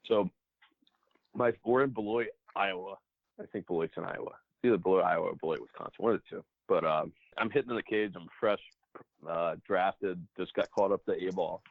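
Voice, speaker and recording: Male ballplayer, deep voice, animated anecdotes, interview over a thin phone-quality line. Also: brisk, gravelly, no echo. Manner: animated anecdotes, acts out dialogue. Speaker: professional baseball player. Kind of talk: casual storytelling interview.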